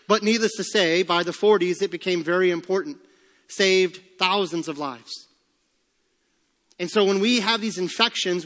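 A man in his thirties preaching a sermon as pastor, earnest and pleading, sometimes dropping to hushed low tones. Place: church sanctuary. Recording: long hall reverb.

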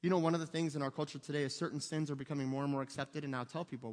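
A man's voice: medium pitch, flat delivery, very fast, few pauses, long reverb tail. A man preaching a sermon as pastor, speaking emphatically and asking his listeners rhetorical questions.

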